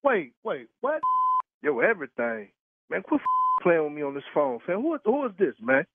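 A man's voice: fairly high pitch, wildly swooping pitch, moderate pace, breathy edge. Indignant man on a tinny phone line. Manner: slangy, repetitive, indignant. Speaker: prank call target. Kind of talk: heated phone argument.

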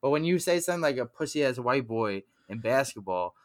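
Casting note: mid-pitched guy with a smooth, clean voice, hesitant casual talk, dry sound. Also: animated, dry recording. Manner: halting, with many "um" pauses while thinking. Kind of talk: casual chat.

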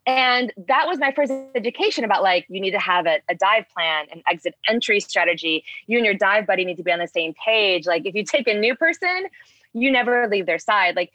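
Here a woman of medium pitch casually recounts a story, lively in her retelling but wandering and heavy on "like" fillers. There's no room sound, and the audio comes across dull and dry.

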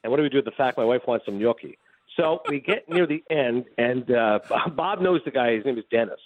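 A man telling a long anecdote as a radio guest, acting out the lines of everyone in the story. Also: mid-range voice. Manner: animated, fast anecdote telling with acted-out dialogue. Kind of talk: casual storytelling chat. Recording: dry phone-line sound.

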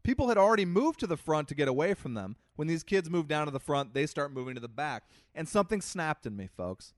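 A man co-hosting a podcast, telling a comic story in a lively, animated way that swings between loud and soft. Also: a little high, quick pace, dry recording, clean studio sound. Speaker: podcast co-host. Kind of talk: casual chat, comic storytelling.

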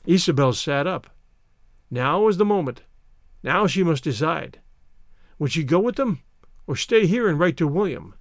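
A man reads a literary story aloud in an expressive storytelling manner. His fairly high voice rises and falls in a lively way, and the recording sounds close and dry. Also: normal speed, no echo. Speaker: reader. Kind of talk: scripted narration.

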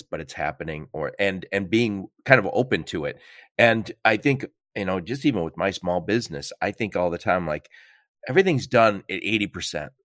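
A man's voice: sits low, fairly bright tone, dry recording, studio quality. A man hosting a podcast interview, reacting and chatting with reflective asides. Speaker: podcast host. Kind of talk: conversational interview.

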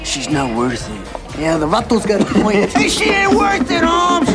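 An actor playing a brash young male street tough, shouting and laughing as he mixes Spanish and slang in a film clip. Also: sits high, big pitch swings, a little slow. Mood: mocking. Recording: film clip with music behind.

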